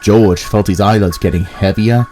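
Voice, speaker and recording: A man narrating a spooky children's engine story with expressive delivery. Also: on the low side, moderate pace, poor audio. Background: background music.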